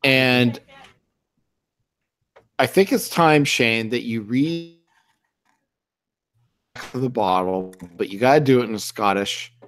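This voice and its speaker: A man's voice: mid-range voice, slow, long pauses, a bit bright, slight background noise. A man hosting a casual talk show, asking questions and teasing his co-hosts. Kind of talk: casual chat.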